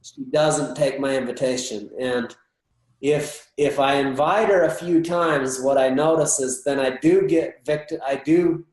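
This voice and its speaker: A man's voice: mid-range voice, measured pace, darkish tone. A man speaking as a guest in a candid personal conversation, earnest and reflective, often restarting his sentences. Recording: echoey room.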